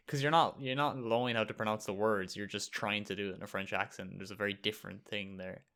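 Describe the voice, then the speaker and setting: A man's voice: lowish voice, fairly even intonation, quick pace, hardly any pauses, bright, forceful tone. A young man from Ireland chatting casually as a podcast co-host, laid-back with short agreeing replies. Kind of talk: casual chat.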